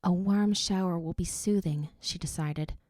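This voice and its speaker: A woman narrating an audiobook in a steady, even reading voice. Her pitch sits a little low. The recording is dry and close, with no room sound. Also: unhurried, dry recording. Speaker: audiobook reader.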